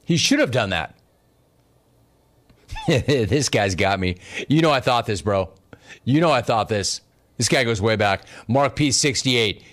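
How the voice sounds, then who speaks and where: This sports talk radio host has a medium, slightly bright voice with lively intonation, unhurried and pausing often. He talks casually and sarcastically and laughs a lot as he reads the chat.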